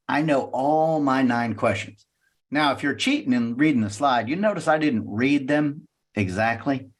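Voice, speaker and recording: A middle-aged man with a medium-pitched voice gives an energetic, teaching-style sales training talk at a networking meeting. He acts out client questions in a raised voice.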